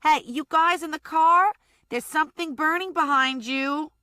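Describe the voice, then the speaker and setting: A woman voicing a brassy office woman who calls out loudly. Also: high-pitched, a little slow, no echo, pitched above the performer's own voice. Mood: calling out. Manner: brassy, shouting. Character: loud office woman calling out the door.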